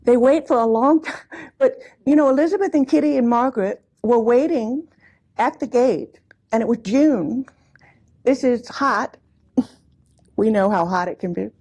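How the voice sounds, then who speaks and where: Unhurried and pausing often, a woman with a high, mellow voice recounts family stories. She speaks at a commemorative gathering in a hall before a live audience, her warm, chatty anecdotes punctuated by laughs and asides.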